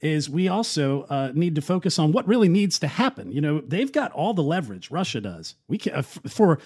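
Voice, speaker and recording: A man delivers opinionated political commentary in a loose, conversational way. His voice sits a little high, and he talks with a sarcastic, scoffing edge. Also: sing-song, brisk, darkish tone, breathy edge. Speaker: commentary show host.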